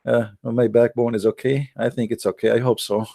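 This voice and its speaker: A man's voice: mid-range voice, level tone, a little fast, vocal fry, warm tone, no echo, studio quality. A man delivering a mocking, sarcastic monologue to viewers in broken, non-native English. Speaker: online commentator.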